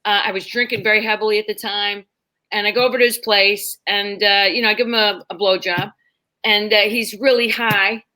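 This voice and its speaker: A woman's voice: medium pitch, a little fast. A middle-aged woman comedian telling a bawdy story in casual chat, acting out the people in it. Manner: bawdy, animated, acts out quoted voices. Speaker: comedian guest.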